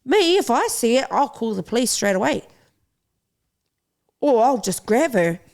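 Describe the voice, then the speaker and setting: Woman, young adult, podcast interview guest, boxing champion, gravelly voice, impassioned and pleading. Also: fairly high pitch, big pitch swings, measured pace, darkish tone. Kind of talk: podcast interview, personal story.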